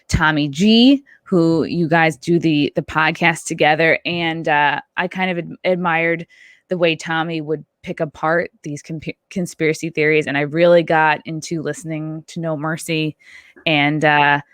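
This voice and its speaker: A woman's voice: on the low side, fairly bright tone, no room sound. Woman podcast host reading ads and chatting, a bit breathless, jokes at herself, dry close mic. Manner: chatty, self-mocking, laughs at own slips. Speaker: podcast host and stand-up comedian. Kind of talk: casual chat, reading ads.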